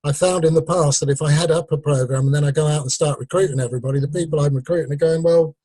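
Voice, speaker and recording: An English man talks casually on a video call, joking and teasing his colleagues. His voice sits a little high with a husky edge. The sound is close and dry. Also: steady tone, racing, dark tone, dry recording. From England. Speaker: meeting participant. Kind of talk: casual group call chat.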